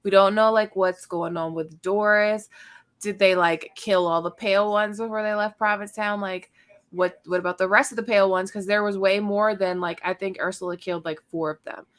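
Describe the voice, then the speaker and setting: A woman's voice: mid-range voice, steady tone, a little fast. A woman co-hosting a casual live after-show chat, firing off questions and restarting her thoughts often. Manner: tumbling questions, stops and restarts mid-thought. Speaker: co-host.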